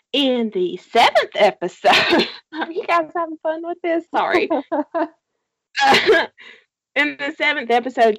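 A woman's voice: mid-range voice, a bit bright, no echo. A woman casually recapping a TV series with a co-host, telling it animatedly, swearing freely and laughing often. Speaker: podcast co-host.

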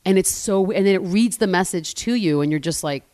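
A woman guest chatting casually on a podcast, animated and laughing often. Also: lowish voice, a little fast, no room sound. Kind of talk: casual chat.

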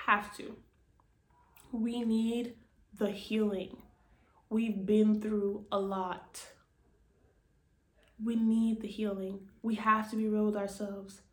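A woman's voice: fairly high pitch, echoey room. A woman hosting a podcast, talking frankly and earnestly to camera, swearing freely and repeating phrases for emphasis. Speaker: podcast host. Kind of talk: casual motivational talk. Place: indoors, speaking to camera.

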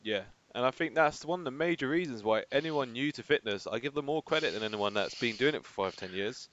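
A man's voice: mid-range voice, lively intonation, brisk, a bit bright. A young man co-hosting a podcast, easygoing and encouraging in casual chat. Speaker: podcast co-host. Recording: dry, slightly dull podcast mic.

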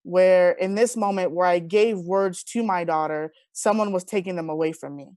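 A woman's voice: fairly low pitch, moderate pace, no room sound, studio quality. A woman in her thirties, a guest in an interview, telling personal stories in an earnest, heartfelt way. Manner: earnest, heartfelt, animated retelling. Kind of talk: personal storytelling in conversation.

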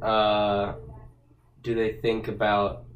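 A man's voice: fairly low pitch, monotone, extremely slow, echoey room, narrow, tinny audio, a little hiss or hum. A man co-hosting a casual podcast chat, teasing and asking prodding questions. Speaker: podcast co-host.

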